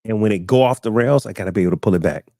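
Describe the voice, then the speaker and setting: A man's voice: fairly low pitch, very fast, dark tone, dry recording, clean studio sound. A man hosting a casual live-stream talk show, telling stories and acting out what other people said, often repeating words as he finds his thought. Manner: storytelling, acting out quoted people.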